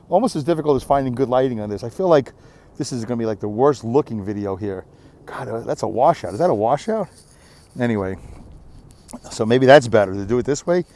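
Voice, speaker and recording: A man's voice: mid-range voice, darkish tone. A tired middle-aged man rambling candidly in a casual vlog, filmed at arm's length on a windy beach. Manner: rambling, candid, self-deprecating. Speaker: vlogger.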